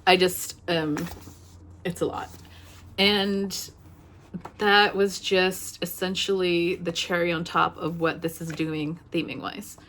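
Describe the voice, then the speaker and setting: A young adult woman giving a casual book review vlog, talking in an emotional, halting way with many fillers and restarts. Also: on the low side, flat delivery, a bit bright, a little hiss or hum.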